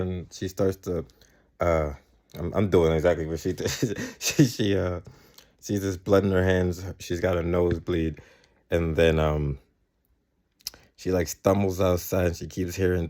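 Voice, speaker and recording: Man, deep voice, mellow tone, casual episode review, rambling, self-correcting. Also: fairly even intonation, unhurried. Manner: rambling, often correcting himself mid-sentence; quotes characters in his plain voice.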